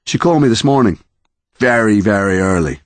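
A man's voice: on the low side, animated, brisk, no room sound, pitched above the performer's own voice, lightly acted. A man reading a weary, firm-spoken father.

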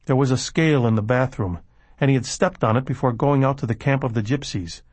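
A male audiobook narrator with a husky, mid-pitched voice, reading in a measured, steady way. The sound is close and dry, with no room around it. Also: no echo. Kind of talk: scripted narration.

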